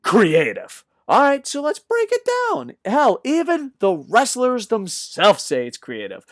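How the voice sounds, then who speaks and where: Animated, profane man ranting on sports news. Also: sits high, no echo, studio quality. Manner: mocks others with quick put-on voices. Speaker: host of a combat sports news show. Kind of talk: casual news commentary rant.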